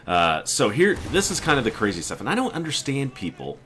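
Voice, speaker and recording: A man's voice: medium pitch, huge pitch swings, brisk, fairly bright tone, slight background noise. A man casually telling a story about a weekend trip, quoting his friends and sounding exasperated. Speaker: gaming video creator.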